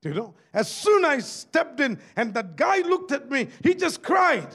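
Pastor preaching a sermon, Malaysian accent, high voice with big swings, keeps asking the crowd for amen. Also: male voice, sing-song, unhurried, sharp tone. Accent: Malaysian English. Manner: preachy, calls out for amen and asks the crowd questions.

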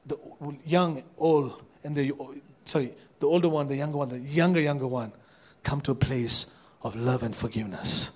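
A man, a pastor preaching a sermon in church. He moves from quiet storytelling to fervent preaching and often repeats or restarts his words. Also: medium pitch, normal speed, few pauses.

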